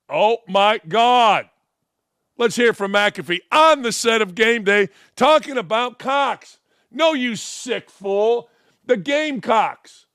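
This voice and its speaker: A man's voice: very high-pitched, fairly bright tone, smooth, no echo, clean studio sound. A man in his sixties hosting a show, ranting in a mocking, sarcastic way with heavy emphasis. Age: 60s. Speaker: host. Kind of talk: sarcastic commentary rant.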